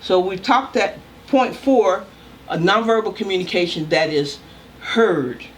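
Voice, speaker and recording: An older woman, a communication professor, giving a recorded lecture in a loud, emphatic, deliberate way. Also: mid-range voice, lively intonation, slight background noise.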